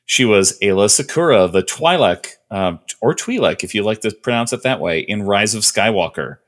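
Low-voiced man rambling through trivia. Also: lively intonation, brisk, a bit bright. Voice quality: rambling, listing trivia with many fillers. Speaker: podcast co-host. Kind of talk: casual chat.

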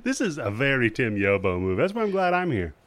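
A man's voice: mid-range voice, very animated, fast talker. Dry, sardonic man discussing a film. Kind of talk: casual movie recap chat.

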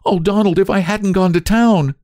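A man voicing an excited young girl overjoyed to see her brother again, speaking in breathless, gushing exclamations. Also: sits high, moderate pace, no room sound, clean studio sound, pitched above the performer's own voice, close to an everyday voice. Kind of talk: audiobook character voice.

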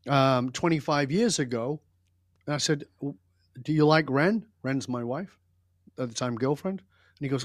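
A man's voice: medium pitch, a little slow, pauses often, no room sound, clean studio sound. An older man, a podcast guest, telling stories from his life in an emphatic, intense and blunt way. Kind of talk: reflective storytelling in an interview.

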